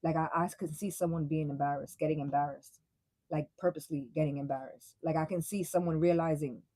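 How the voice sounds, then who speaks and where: Husky-voiced woman reading tarot. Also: low voice, steady tone, quick pace, mellow, no room sound, rough recording. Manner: blunt, profane, slangy and laughing. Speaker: tarot reader. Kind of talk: casual live tarot reading.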